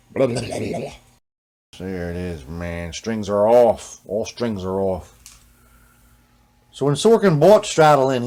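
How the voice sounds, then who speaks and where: A man's voice: on the low side, a little mellow. Streetwise, swearing guitar-repair man. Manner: streetwise, profane, keeps saying "you know what I mean". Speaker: host of a guitar repair channel. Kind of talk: casual storytelling while working on an instrument.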